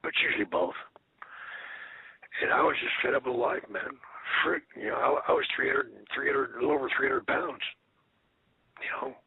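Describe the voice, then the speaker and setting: A man in his fifties, a retired wrestler, giving a rambling, profane interview full of deadpan jokes. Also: medium pitch, moderate pace, pauses often, slight background noise. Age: 50s. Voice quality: gravelly, raspy. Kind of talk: casual phone interview. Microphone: phone. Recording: tinny phone line.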